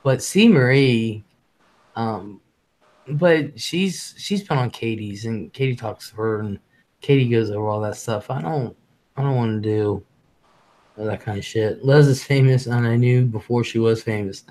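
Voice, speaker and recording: Blunt, fast-talking man hosting a live stream. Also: medium pitch, darkish tone. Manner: blunt, swears freely, reads chat aloud; talks fast. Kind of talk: casual live-stream chat.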